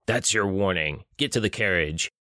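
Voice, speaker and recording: A male audiobook narrator voicing a menacing, cruel male villain who taunts slowly. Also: sits low, pushed and bright, no room sound, clean studio sound. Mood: threatening.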